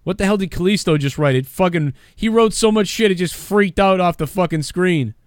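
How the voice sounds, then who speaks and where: A man's voice: high-pitched, brisk, no echo, studio quality. A man hosting a live podcast, swearing a lot and rambling casually, and losing his voice. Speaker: podcast host. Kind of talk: casual live-stream wrestling chat.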